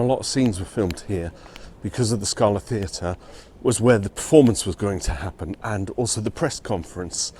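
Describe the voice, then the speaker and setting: A man's voice: on the low side, a little mellow, a little hiss or hum. A man narrating a casual walking vlog outdoors on city streets. He talks in a chatty way and chuckles often. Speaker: vlogger touring film locations.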